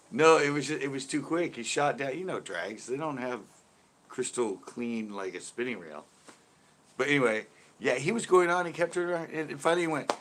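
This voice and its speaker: A man chats casually on a livestream after a show. He tells stories in a relaxed way, laughs a lot and breaks into animated impressions of his friends. His voice sits at an average pitch. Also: normal speed, slight background noise. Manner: laughing often, animated when quoting others. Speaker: livestream host. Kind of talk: casual storytelling chat.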